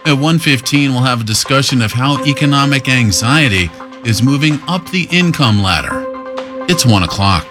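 Male radio anchor, mid pitch, steady delivery, strong music bed behind. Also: moderate pace. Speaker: news anchor.

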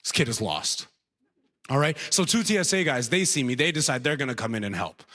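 A man's voice: mid-range voice, animated, fairly quick, bright, forceful tone. A man doing stand-up comedy, telling a self-mocking story with lots of animation.

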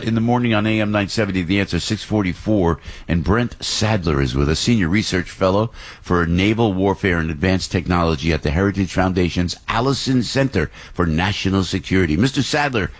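A man hosting a talk radio show, reading live ads and interviewing guests in an excitable, rambling way in a studio. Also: lowish voice, fairly quick. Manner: excitable, rambling, laughs through reads. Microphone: studio microphone.

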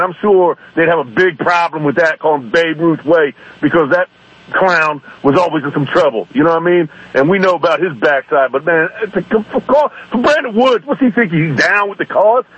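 A man calling in to a talk radio show, ranting indignantly in rapid bursts over a muffled phone line. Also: fairly high pitch, a bit bright, slightly rough. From East Baltimore. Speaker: caller. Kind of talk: call-in radio rant.

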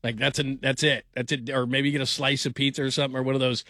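A man's voice: mid-range voice, little pitch movement, fast, bright, forceful tone, no room sound, clean studio sound. A middle-aged man hosting a call-in sports radio show, talking casually with restarts and easy laughs. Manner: rambling, repeats words, laughs easily. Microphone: studio microphone.

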